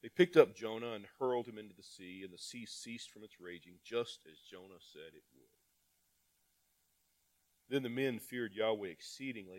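This pastor's voice is on the low side, and he preaches at a normal speed. His sermon includes scripture read aloud and rhetorical questions directed at the congregation, with swings from loud emphasis to quiet asides.

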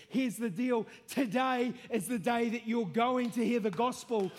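A man preaching a testimony sermon, telling his story earnestly and building to impassioned shouting. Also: very high-pitched, a little slow, few pauses.

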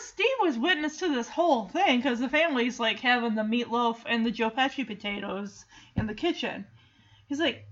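A woman hosting a show, chatting through a sitcom episode in an animated, sarcastic way. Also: on the high side, normal speed, muffled recording. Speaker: recap podcast host. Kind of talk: casual episode recap commentary.

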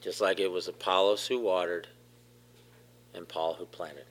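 Emphatic low-voiced male preacher. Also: steady tone, unhurried. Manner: emphatic, repeats phrases, questions the congregation. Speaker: pastor. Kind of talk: sermon.

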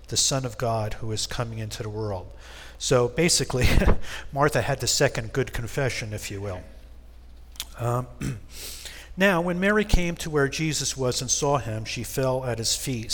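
Man teaching scripture in a reverberant church. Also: medium pitch. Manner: reads scripture aloud and explains it with casual asides. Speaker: Bible study leader. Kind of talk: Bible study teaching. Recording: long reverb in a church hall.

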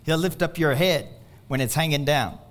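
A man with a high voice delivers a sermon as the pastor. He tells stories full of quoted dialogue, and his delivery grows animated as he climbs to near-shouts on his main points. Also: normal speed.

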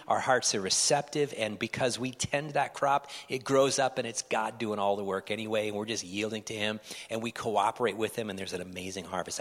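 A male pastor with a low, husky voice delivers an earnest, pleading sermon. His words ring out with a long reverb in a large church hall. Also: fairly even intonation, moderate pace, a bit bright.

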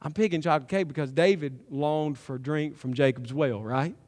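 A man preaching a sermon as pastor, emphatic and building to loud climaxes. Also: a little high, a little fast, big-room sound. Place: church sanctuary.

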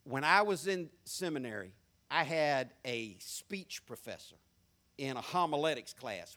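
A pastor with a Southern country accent preaching a folksy, mocking sermon, swinging from hushed asides to loud hooping. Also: male voice, medium pitch, animated, measured pace.

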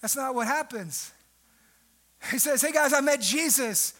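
A young man preaching a sermon, animated, with sudden jumps in pitch and loudness for emphasis, mimicking the people in his story. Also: normal speed. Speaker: pastor.

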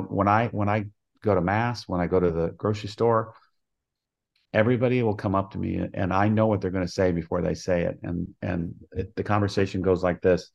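An older man, a college softball coach, telling stories in an interview with an earnest manner, acting out the voices of people he quotes. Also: low voice, gravelly, muffled recording. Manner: earnest storyteller who acts out quoted dialogue. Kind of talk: storytelling interview.

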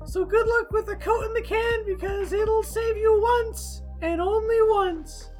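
Man doing a shrill falsetto ad pitchwoman. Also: steady tone, measured pace, soft background music. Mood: salesy. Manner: hard-sell falsetto ad read. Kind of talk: mock commercial.

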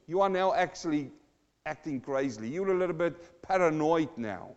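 A male pastor with a fairly high voice preaches verse by verse at a moderate pace, dramatically performing the voices in each passage with mounting intensity. The recording is dull and lo-fi, with a long hall reverb.

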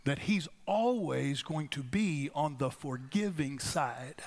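A man pastor preaching a sermon in a conversational, emphatic way, slowing down to stress key phrases. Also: a little high, lively intonation, a little mellow.

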